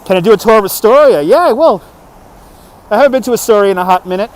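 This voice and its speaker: This is a casual livestream walking tour: a New York City man strolls a city street at dusk, joking and chatting with viewers and answering their comments. He films on a phone on a handheld gimbal, with traffic and street ambience behind him. He talks fast in a high, expressive voice.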